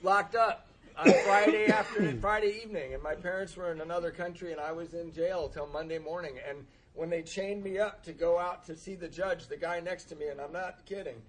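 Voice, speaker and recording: A man tells a comic story from his own recovery, poking fun at himself and breaking into laughs as he goes. His voice sits a little higher than most men's. The delivery is easy and conversational, like a share at a meeting. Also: fairly quick, few pauses, a bit bright, low-quality recording. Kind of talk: humorous personal storytelling.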